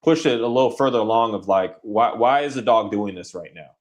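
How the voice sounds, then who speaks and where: A man's voice: fairly low pitch, fairly quick. A man appearing as a podcast guest, talking casually and thoughtfully, searching for his words. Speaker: guest dog trainer. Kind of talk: casual conversation.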